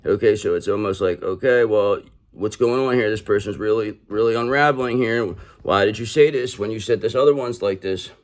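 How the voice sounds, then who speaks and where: A man with a lowish voice reads tarot in a tough, street-smart manner. He swears freely and talks to the viewer as if advising a friend. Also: fairly quick. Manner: blunt, streetwise and profane, addresses the listener directly. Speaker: tarot reader. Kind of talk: online tarot reading.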